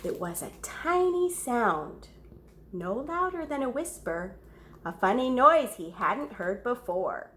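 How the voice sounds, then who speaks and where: A woman reading a story aloud to children, pausing to ask the young listeners questions and gasping or whispering for effect. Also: on the high side, big pitch swings, a bit bright, slight background noise.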